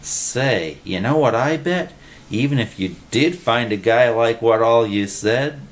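A man's voice: mid-range voice, lively intonation, a little slow, voice pushed up, natural voice. A man voicing a chattering, fretful male busybody in a storybook reading. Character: worried chattering male office nuisance.

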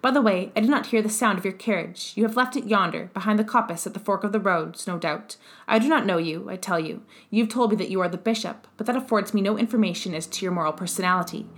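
A woman reads a bitter old revolutionary on his deathbed, fierce in argument. The delivery stays even and measured, at a medium pitch, like an audiobook passage. There is little put-on voice. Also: natural voice. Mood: indignant. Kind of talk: audiobook character reading.

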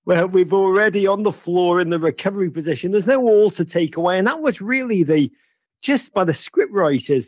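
Guy hosting a footy chat, husky and kinda high, playful and theatrical. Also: no room sound, clean studio sound. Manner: animated, theatrical storytelling with playful teasing. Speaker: host. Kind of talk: lively football chat with a caller.

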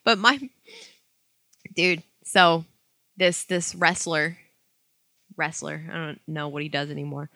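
A young adult woman in casual chat, cursing freely and telling animated stories. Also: low voice, slow, pauses often, dry recording. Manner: profane, animated storytelling.

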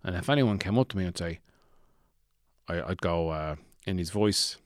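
A man's voice: sits low, lively intonation, normal speed, no room sound, clean studio sound. A man voicing a deluded, gloomy man who lives in a shed, rambling in a meandering, self-pitying yet chirpy way.

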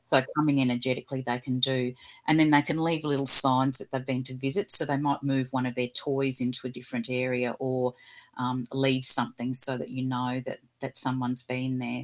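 A woman, an animal communicator, telling gentle, earnest stories in an interview and acting out the quotes. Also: very deep voice, level tone, normal speed. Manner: gentle, earnest storyteller who acts out quotes. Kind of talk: storytelling interview chat.

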